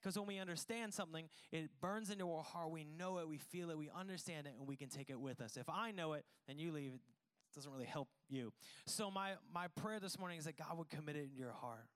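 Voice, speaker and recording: Earnest, high-voiced male preacher. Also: fast, fairly bright tone, clean tone. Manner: earnest, repeats phrases for emphasis. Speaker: pastor. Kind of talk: sermon. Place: church in Arizona.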